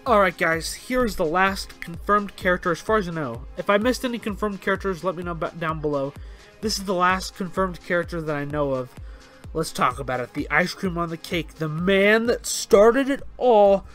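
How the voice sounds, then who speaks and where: A young man rants through his casual vlog in a high, bright voice, swearing freely. His energy is animated, and soft music plays faintly underneath. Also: fairly quick. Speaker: host.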